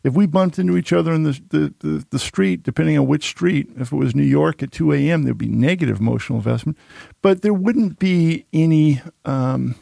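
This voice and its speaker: Gravelly man telling lively anecdotes. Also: on the high side, fairly quick, dry recording. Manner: self-deprecating, animated anecdotes. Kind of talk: casual storytelling chat.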